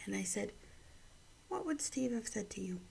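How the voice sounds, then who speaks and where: A middle-aged woman and mother telling a personal story and offering gentle encouragement, often dropping into soft whispers. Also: mid-range voice, lively intonation, normal speed, gravelly, breathy edge. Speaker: vlog host giving encouragement.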